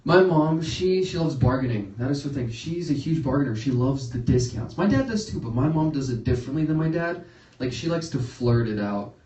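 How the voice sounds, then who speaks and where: A young man doing a stand-up set, laughing at his own jokes and jumping into high yelps when he acts out his reactions. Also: lively intonation, a little fast, hardly any pauses, darkish tone. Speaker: stand-up comedian. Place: comedy studio stage. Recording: roomy, picked up from a distance.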